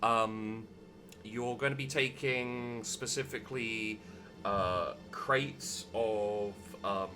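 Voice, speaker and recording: A man, narrating a tabletop game as game master, animated but full of hesitant fillers. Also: sits low.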